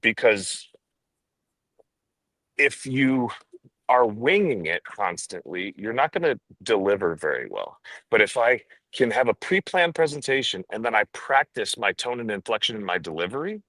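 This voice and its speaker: A man's voice: lowish voice, big pitch swings, moderate pace, bright, forceful tone, no room sound. A man speaking as a sales trainer guest on a podcast, emphatic and demonstrative, driving his points home with stress. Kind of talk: animated podcast talk.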